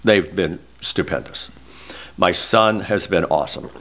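Deep-voiced older guy w telling his story, choked up at times. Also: measured pace, fairly bright tone, slight background noise. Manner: emotional, candid, close to tears. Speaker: guest. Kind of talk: personal storytelling in an interview.

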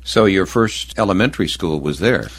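A man's voice: sits low, expressive, moderate pace, a little hiss or hum. A man interviewing someone for an oral history, asking short, plain questions.

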